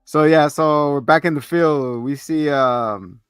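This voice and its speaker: A man with a slightly raised pitch chats casually about a show, recapping scenes with animated, profane enthusiasm. His voice sounds dry and close, with faint music underneath. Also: a little slow, clean tone, dry recording. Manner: animated retelling, swears casually. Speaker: podcast co-host reviewing a TV show. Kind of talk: casual chat.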